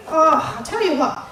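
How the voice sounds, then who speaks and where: Aussie lady stand-up, sweary and ranty, bouncy voice, echoey club sound. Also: high-pitched. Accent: Australian. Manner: brash and profane, ranting rhetorical questions. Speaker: stand-up comic. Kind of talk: stand-up routine. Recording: echoey live club recording.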